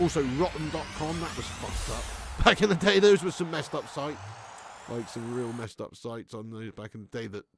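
A man's voice: medium pitch, a little hiss or hum. A man hosting a gaming live stream, reading chat aloud in casual banter, swearing freely and laughing often. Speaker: gaming livestream host.

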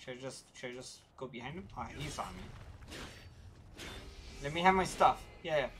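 A woman streaming a game, chatting casually with viewers in an animated way, quick to get frustrated. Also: background noise. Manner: voice jumps high when excited.

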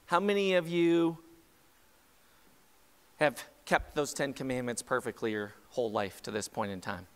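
A man's voice: medium pitch, clean tone. A man preaching a sermon as pastor, talking conversationally and asking the congregation direct questions. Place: church sanctuary. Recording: long church hall reverb.

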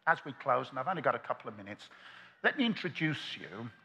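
Older preacher, husky voice, hall echo. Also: male voice, medium pitch, very animated, fast talker. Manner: earnest, swings from loud climaxes to hushed quiet. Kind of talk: sermon. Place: large convention hall.

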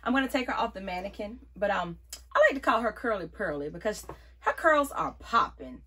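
A young woman chatting playfully to her viewers as she reviews a wig, exuberant and quick to laugh. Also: medium pitch, lively intonation, sharp tone, breathy edge. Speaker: beauty vlogger reviewing a wig. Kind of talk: casual chatty vlog.

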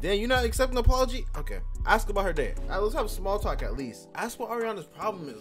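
Gaming host, man, lively swooping delivery, slightly high voice, jokey and crude. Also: very fast, hardly any pauses, soft background music. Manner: animated, joking, profane, talks to the game characters. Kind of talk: casual let's-play commentary.

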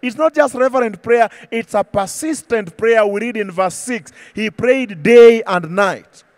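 A male pastor preaching an impassioned sermon, slowing and dropping his voice when he quotes scripture. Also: high-pitched, no room sound. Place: church.

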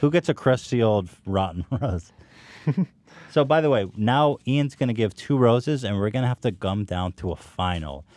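A man with a very low voice hosting a comedy podcast, recorded close and dry with no room echo. He teases his co-host and puts on a mock game-show announcer manner. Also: expressive, normal speed, darkish tone. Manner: teasing, mock-announcer delivery.

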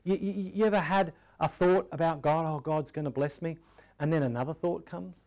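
A man preaching a sermon in a conversational way, asking rhetorical questions and often dropping to a soft, quiet tone. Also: on the high side, fairly quick. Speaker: pastor.

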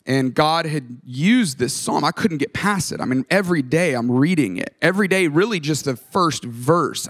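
A middle-aged man preaching a sermon as a guest pastor, telling a personal story with self-deprecating humor and acting out the voices he quotes. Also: mid-range voice. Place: large church auditorium. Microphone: stage microphone.

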